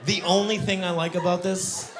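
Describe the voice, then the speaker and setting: A male stand-up comedian performing a set on stage, acting out characters with sudden high-pitched shouts. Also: flat delivery, moderate pace, a crowd in the background, background noise. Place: comedy venue with audience.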